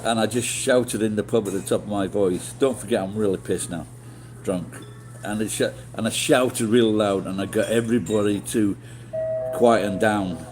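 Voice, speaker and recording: Middle-aged man, low voice, rambling swear-laden storytelling to chat, faint music behind. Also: normal speed. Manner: rambling, swearing, many restarts and fillers. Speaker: livestreamer.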